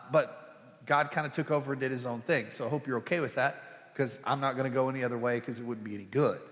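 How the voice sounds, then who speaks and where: Joking pastor in a reverberant church hall. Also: male voice, fairly bright tone. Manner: chatty, jokey, with put-on high squeals for quoted women. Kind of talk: humorous sermon storytelling. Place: church sanctuary.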